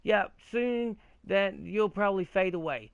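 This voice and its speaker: A man hosting a gaming video, ranting in a rambling, profane, excitable way with frequent restarts while he plays. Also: sits high, a little slow, creaky, clear, resonant tone, dry recording, muffled recording. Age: adult, old enough to remember 80s cartoons. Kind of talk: casual rant while playing a game.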